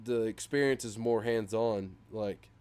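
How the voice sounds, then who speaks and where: A man's voice: lowish voice, measured pace, clean tone. A young man co-hosting a podcast, chatting casually and rambling with lots of fillers. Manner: rambling, filler-heavy, animated when retelling memes. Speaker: podcast co-host. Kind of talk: casual chat.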